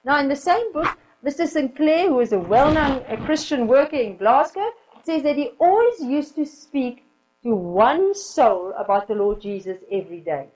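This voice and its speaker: A woman preaching with a high voice. Her delivery is animated, and her pitch swings widely as she tells a sermon story. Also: normal speed, rough recording. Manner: lively storyteller, soft whispers for quoted child, occasional laughs.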